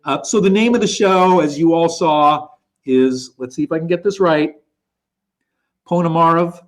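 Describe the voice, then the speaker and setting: A man's voice: fairly high pitch, normal speed. A man from the United States co-hosting a live online interview show, chatty and prone to self-corrections. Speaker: co-host. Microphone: video call.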